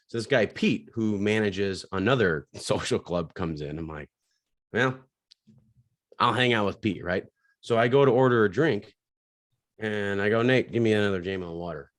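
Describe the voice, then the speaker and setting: Podcast co-host, male, lower register, animated and foul-mouthed storyteller. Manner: profane, animated storyteller acting out bar characters. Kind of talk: casual storytelling chat.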